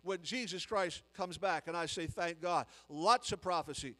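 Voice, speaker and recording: Guest preacher, man, high-pitched, emphatic, repeats his points. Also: normal speed, fairly bright tone, big-room sound, poor audio. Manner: emphatic, repetitive preaching with rising volume. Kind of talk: sermon.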